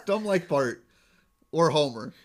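A podcast co-host talking casually through a cartoon episode. His voice sits a touch high for a man, and he rambles, laughs often and acts out the characters' lines as he goes. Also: lively intonation, takes it slowly.

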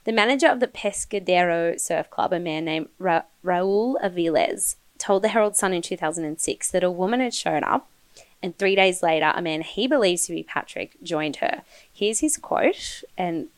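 A woman's voice: on the low side, animated, normal speed, no echo. Gossipy woman hosting a true-crime chat. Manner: gossipy, swears freely and laughs often. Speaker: podcast host.

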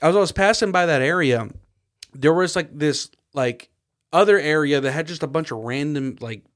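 A young man with a fairly high voice co-hosts a podcast in casual chat. He tells rambling, profane anecdotes and acts out the people in them. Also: moderate pace. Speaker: podcast co-host.

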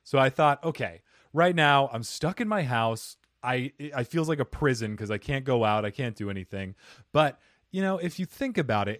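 A man hosting a podcast, chatting casually in a playful, animated way and laughing easily. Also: mid-range voice, no room sound, studio quality. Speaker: podcast host. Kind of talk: casual chat.

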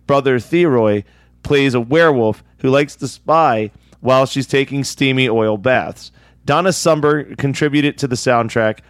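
A man's voice: mid-range voice, no echo. Man with a dry, close voice. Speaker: podcast co-host. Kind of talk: reading a listener letter, then casual chat.

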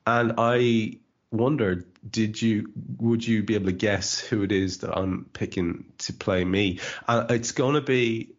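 A man's voice: lowish voice, a little slow, highs cut off. A man hosting a casual podcast chat, rambling and often restarting his words. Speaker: podcast host.

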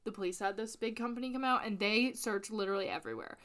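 A woman co-hosting a casual true crime podcast, recounting a case in an animated, sweary way and laughing often. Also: mid-range voice, fast talker. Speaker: podcast co-host.

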